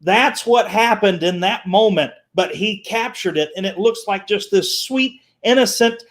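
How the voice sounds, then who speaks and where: A man telling animated stories as a guest on a talk show, repeating words and acting out the people he quotes. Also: high voice, unhurried. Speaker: guest, children's entertainer. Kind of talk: animated storytelling.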